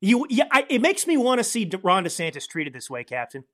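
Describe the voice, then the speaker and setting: A man's voice: sits high, very animated, a little fast, a bit bright. A man hosting a political commentary podcast, ranting in a heated, indignant way. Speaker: podcast host.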